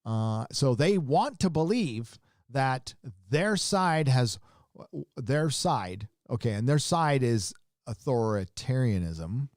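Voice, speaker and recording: A man hosting a casual livestream, rambling through his points with frequent restarts and quick reactions to what he shows on screen. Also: medium pitch, lively intonation, darkish tone, dry recording, clean studio sound. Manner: rambling, restarts often, chuckles and reacts to images. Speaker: show host.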